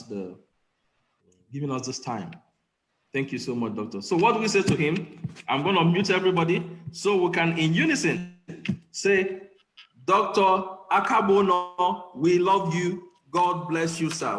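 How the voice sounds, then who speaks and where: A man hosting an online meeting over a video call, thanking the guest warmly and leading the group. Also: on the high side, expressive, normal speed. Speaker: meeting host. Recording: echoey room with faint noise.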